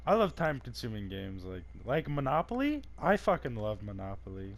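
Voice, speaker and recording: A man's voice: medium pitch, big pitch swings, a little fast, gravelly. A man in casual chat, reacting with laughter and amazement. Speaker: listener.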